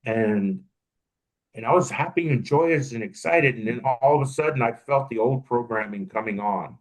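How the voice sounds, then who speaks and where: A man's voice: mid-range voice, normal speed, low-quality recording. Reflective man thinking aloud. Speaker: podcast co-host. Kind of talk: casual podcast conversation.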